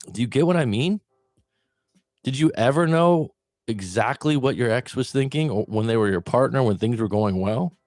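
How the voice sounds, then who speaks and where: A man's voice: mid-range voice, a little mellow, no echo, clean studio sound. A man, a breakup coach, talking straight to the listener and asking them questions. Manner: conversational, asks the listener questions. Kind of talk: direct-to-camera advice talk.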